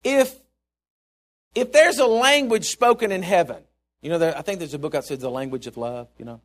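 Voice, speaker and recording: A man with a high voice preaches a sermon to his congregation. He swells on the lines he wants to land and drops quiet and low for asides. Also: moderate pace. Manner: emphatic, rising to stressed points and dropping low for asides.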